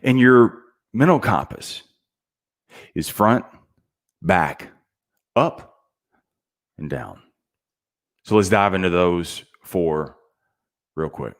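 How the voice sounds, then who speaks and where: A man's voice: sits low, sing-song, very slow, pauses often. Casual preachy man giving motivational talk. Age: middle-aged. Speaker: sales motivational speaker.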